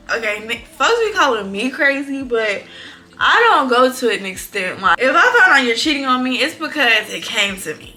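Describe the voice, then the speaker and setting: A young woman tells a story to her viewers in a bright, forceful voice that sits a little high. She talks in a lively, profane, exclamatory way. Faint music plays behind her. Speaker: vlogger. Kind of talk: casual storytime.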